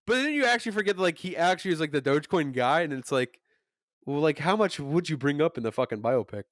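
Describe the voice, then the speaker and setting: A man's voice: fairly high pitch, lively intonation, quick pace, no room sound. A man co-hosting a podcast, in casual, joking chat with mocking put-on quotes. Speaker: podcast co-host.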